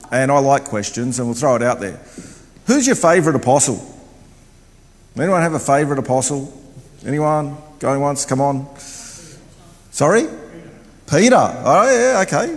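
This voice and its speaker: An older man preaching a sermon in a church, loud and chatty, wandering about as he talks. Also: on the high side. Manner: loud, chatty, wanders around while talking. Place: church hall. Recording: long hall reverb.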